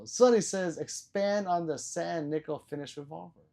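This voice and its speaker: A man's voice: fairly high pitch, normal speed, creaky, hardly any pauses, mellow. A man hosting a casual live stream, reading viewer comments aloud, laughing often and swearing casually. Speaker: livestream host reading chat.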